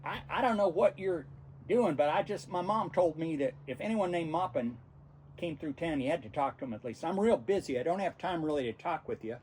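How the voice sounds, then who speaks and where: Man doing a busy ranch guy w/ a drawl, gruff, higher voice. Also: expressive, quick pace, hardly any pauses, mellow, slight background noise, natural voice, rough recording. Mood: hurried. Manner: put-on regional drawl.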